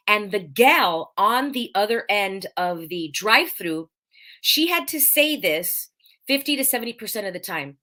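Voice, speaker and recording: A woman's voice: mid-range voice, moderate pace. A woman hosting a live podcast in a casual monologue, telling a story with emphatic repetition and careful diction. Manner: animated storyteller, emphatic repetition, acts out quoted voices; stresses speaking clearly, careful diction. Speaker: host of a live podcast show.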